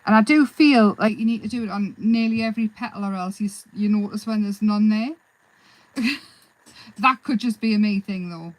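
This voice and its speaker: A woman hosting a live craft demonstration, chatting in a relaxed, rambling way and answering viewers' comments as she works. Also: medium pitch, normal speed, no room sound, poor audio. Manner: relaxed, self-deprecating. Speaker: craft livestream host.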